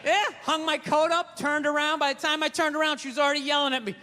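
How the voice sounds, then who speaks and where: A man's voice: very high-pitched, flat delivery, fast talker, bright, forceful tone, a faint crowd. A man performing a stand-up comedy routine, telling a story with exasperated, mock-quoted rants.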